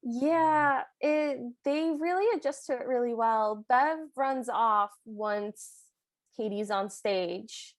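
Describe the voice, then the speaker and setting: A woman's voice: a little high, slow. A woman co-hosting a podcast, chatty and reactive, sharing her own opinions about a movie. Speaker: podcast co-host. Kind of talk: casual movie recap chat.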